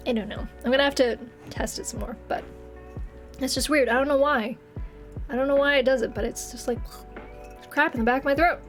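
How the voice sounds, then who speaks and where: A game streamer in her late twenties talks a little fast and pauses often, her high-pitched voice a bit congested and phlegmy. She rambles casually with viewers and laughs often while faint music plays behind her.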